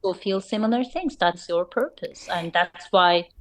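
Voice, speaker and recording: A woman's voice: on the low side, measured pace, fairly bright tone. Earnest woman. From Turkey. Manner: earnest, encouraging. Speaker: guest. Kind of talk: casual interview chat.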